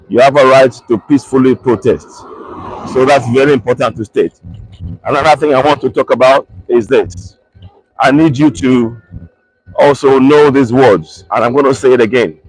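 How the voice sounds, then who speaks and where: Husky man on a live broadcast. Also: mid-range voice, darkish tone, rough recording. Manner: earnest, repeats key points slowly for emphasis. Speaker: livestream host.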